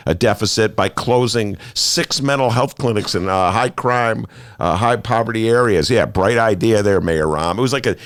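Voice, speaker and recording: A male talk show host speaks in a lively, swooping voice that rises and falls a lot. He is sarcastic and animated, and the sound is close and dry, as in a studio. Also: mid-range voice, no room sound. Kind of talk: casual political talk.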